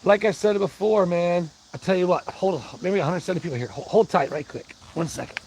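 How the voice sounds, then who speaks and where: A man's voice: high-pitched, quick pace, vocal fry, background noise. Folksy man streaming live outdoors. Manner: rambling, folksy, talks to chat. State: out of breath. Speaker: livestream host. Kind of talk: casual livestream chat. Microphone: wireless mic worn on body.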